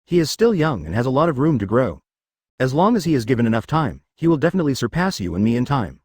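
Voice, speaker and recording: A male narrator voicing a grim leader of a revolutionary army, calm and firm. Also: mid-range voice, quick pace, husky, no echo, clean studio sound.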